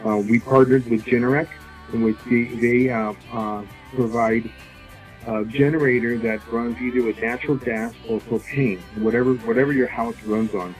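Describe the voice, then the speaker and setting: A man working as a solar sales representative, explaining his offers in casual interview talk, halting with many fillers and restarts. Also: medium pitch, steady tone, faint music behind, low-quality recording.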